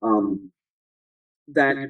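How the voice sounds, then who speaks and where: A man's voice: on the low side, very slow, fairly bright tone, breathy edge, far from the mic, highs cut off. A man talking casually in an interview, rambling with many fillers, restarts and "you know"s. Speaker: guest. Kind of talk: conversational interview.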